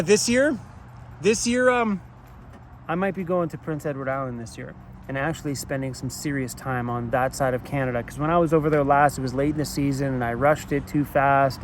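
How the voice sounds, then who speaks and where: A man's voice: fairly high pitch, slight background noise. A man vlogging outdoors in a park, chatty and upbeat, laughing often as he opens packages. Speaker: van life vlogger. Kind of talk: casual vlog talk. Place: outdoors in a park by a parking lot.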